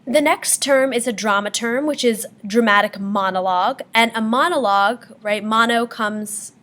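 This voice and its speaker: A woman's voice: a little high, normal speed, a bit bright. Woman teacher, lecture on poetry terms, patient explaining, lots of ums.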